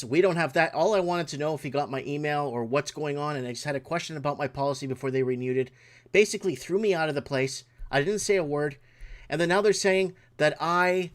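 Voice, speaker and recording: A male host of a late-night talk stream, talking loosely and getting worked up. His voice sits a bit high for a man, and he swears and restarts sentences as he vents. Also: a bit bright. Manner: angry, swearing, rambling with restarts. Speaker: show host. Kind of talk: casual livestream rant.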